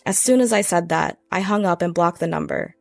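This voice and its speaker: A woman reading a first-person revenge story in steady, scripted narration. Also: lowish voice, a little fast, vocal fry, no room sound, faint music behind.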